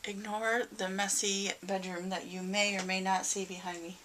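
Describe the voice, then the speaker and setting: A woman's voice: mid-range voice, level tone, normal speed, a bit bright, slight background noise. A woman vlogging casually about her day at home, candid and chatty. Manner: chatty, candid, sing-song with her cat. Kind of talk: casual video diary. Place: at home, bedroom.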